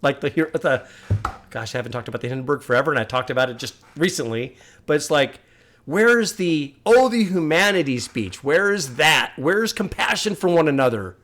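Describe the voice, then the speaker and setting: A man hosting a music reaction video, talking in earnest, musing and at times getting heated and loud. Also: medium pitch, a little fast. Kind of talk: casual reaction commentary.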